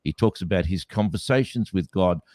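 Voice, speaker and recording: A man's voice: sits low, moderate pace, a little mellow, no echo. A man co-hosting a podcast, talking skeptically in a casual debate with many restarts. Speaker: podcast co-host.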